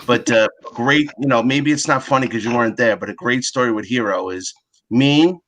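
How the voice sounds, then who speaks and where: A man with a bright, forceful voice recounts a road-trip story on a video call. He tells it in a dry, deadpan way and keeps going steadily. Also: medium pitch, normal speed, slight background noise. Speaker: guest. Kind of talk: casual chat.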